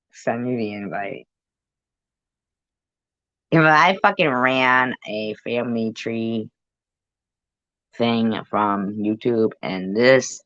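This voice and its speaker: A woman's voice: rumbling low, fairly bright tone, dry recording. A middle-aged woman giving casual reaction commentary in a profane, joking, rambling way. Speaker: video commentator. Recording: dull lo-fi sound.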